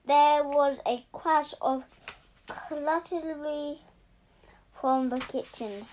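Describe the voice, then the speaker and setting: A woman reading a storybook aloud in a slow, halting way, stumbling and restarting on words. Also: high-pitched, fairly even intonation, a little mellow.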